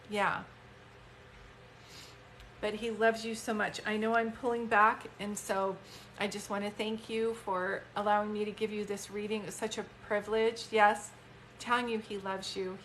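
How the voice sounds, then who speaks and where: A woman's voice: medium pitch, little pitch movement, normal speed, fairly bright tone. Woman in her fifties, chatty and heartfelt, faint hiss. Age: 50s. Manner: chatty, heartfelt, many fillers. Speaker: psychic medium. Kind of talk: live-stream reading, casual chat.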